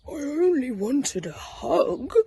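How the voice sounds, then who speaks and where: A man's voice: very high-pitched, big pitch swings, very slow, creaky, mellow, slight background noise, pitched above the performer's own voice, full character voice. A woman voicing a young male brown bear who longs for a hug, in a plaintive, eager storybook voice. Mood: pleading. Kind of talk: storybook reading.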